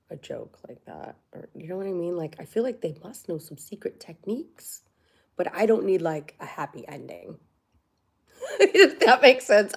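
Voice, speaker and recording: A woman's voice: on the low side, gravelly. A woman hosting a casual livestream, chatting candidly and laughing often. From United States. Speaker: livestream host.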